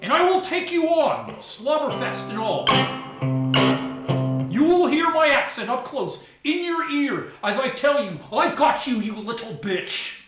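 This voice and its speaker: A man's voice: very high-pitched, big pitch swings, a little slow, roomy sound, music in the background, voice pushed up, full character voice, poor audio. A man putting on the voice of a brash, boastful male fighter-influencer with an exaggerated accent, taunting and swaggering.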